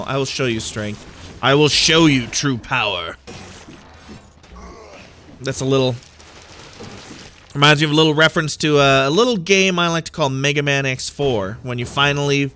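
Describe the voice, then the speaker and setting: Playful, bright-voiced male gamer. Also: medium pitch, slight background noise. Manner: playful, jokey, goes off on tangents. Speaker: gaming YouTuber. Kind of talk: let's-play commentary.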